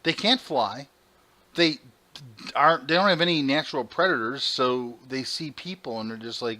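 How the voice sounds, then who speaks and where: A man co-hosting a podcast, telling animated, profane stories in casual chat. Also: medium pitch, moderate pace. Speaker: podcast co-host.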